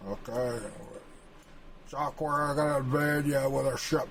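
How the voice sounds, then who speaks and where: A man's voice: medium pitch, flat delivery, unhurried, crowd noise, poor audio. A male streamer rambles through a boastful, profane, mock-serious comic rant while drawing a map.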